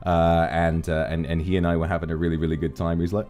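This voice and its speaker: A man's voice: deep voice, fast talker. A man streaming, telling rambling, profane stories about his friends in a casual chat. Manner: rambling, profane, animated anecdotes. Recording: faint background music.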